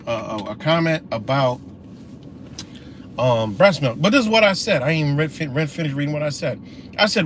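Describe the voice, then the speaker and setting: A man's voice: on the high side, a little hiss or hum. A man hosting a casual livestream, ranting with lots of profanity and answering viewer comments. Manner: profane, animated, talks back to comments. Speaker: livestream host.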